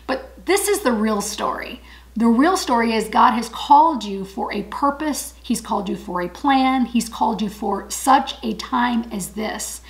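A woman's voice: a little high, expressive, normal speed, poor audio. A woman giving an encouraging Bible study talk, earnest and emphatic, repeating her key phrases.

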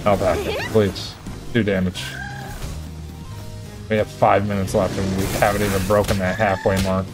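A man's voice: low voice, little pitch movement, normal speed, pauses often, over music. A man giving live commentary while playing a video game, calling out to his creatures and yelping when enemies chase him. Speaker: gamer.

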